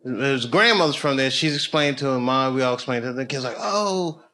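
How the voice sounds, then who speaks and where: A middle-aged man doing stand-up comedy, telling a story with animated swings between low muttering and loud punchlines, at a live venue with an audience. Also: fast talker. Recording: live show with crowd noise. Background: audience laughter.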